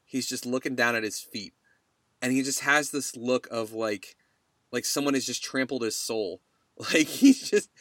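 A man's voice: medium pitch, a bit bright, dry recording, clean studio sound. A man hosting a podcast in casual chat, telling stories animatedly and laughing along the way. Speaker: podcast host.

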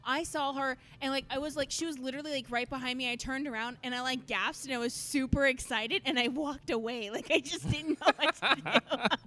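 A woman co-hosting a podcast, excitable and giggly, telling stories in casual chat full of fillers. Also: high voice, a little fast, few pauses, slight background noise. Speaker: podcast co-host.

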